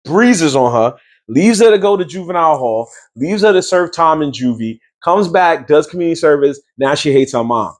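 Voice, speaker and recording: A man's voice: on the high side, animated, normal speed. Slangy New guy ranting. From New York. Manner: slangy, incredulous, mocking. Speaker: show reviewer. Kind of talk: casual recap rant.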